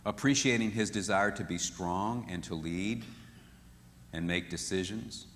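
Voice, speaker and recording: A man teaching a marriage seminar in an animated way, often acting out what spouses say. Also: low-pitched, unhurried, a little hiss or hum. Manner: animated, acts out quoted voices. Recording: echoey hall with long reverb.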